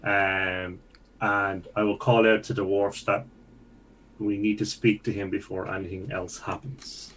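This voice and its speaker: Low-voiced man player. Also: flat delivery, unhurried, fairly bright tone, slight background noise, rough recording. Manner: plain, thinking aloud with fillers. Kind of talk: casual tabletop game play.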